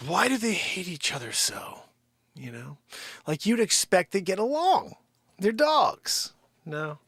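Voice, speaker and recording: A man's voice: on the high side, vocal fry, fairly bright tone, breathy edge, no room sound. A man hosting a live daily stream, chatting casually and joking as he tells a story and talks to his dogs. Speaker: livestream host.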